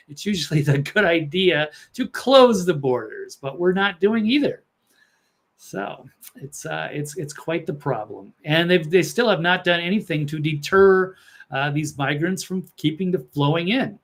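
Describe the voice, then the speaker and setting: A male guest on a talk show, his voice sitting slightly high. He pauses a lot and fills the gaps with ums and uhs, keeping a matter-of-fact tone. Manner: hesitant, filler-laden, matter-of-fact. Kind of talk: casual political talk show chat.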